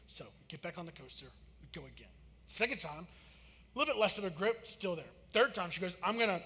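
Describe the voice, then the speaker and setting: A high-voiced, bright-toned man preaches in a church hall with long reverb. He tells a story with animated energy and acts out the quotes, dropping soft and then getting loud again. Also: a little fast. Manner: animated, acts out quotes with big swings in loudness. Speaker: pastor. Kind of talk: sermon storytelling. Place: church auditorium.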